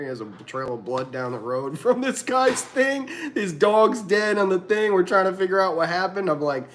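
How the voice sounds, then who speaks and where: A young man hosting a livestream, telling a story in a casual, animated way, laughing often and acting out what people said. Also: fairly high pitch, normal speed. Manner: animated, laughing often, acts out quoted lines. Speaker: livestream host.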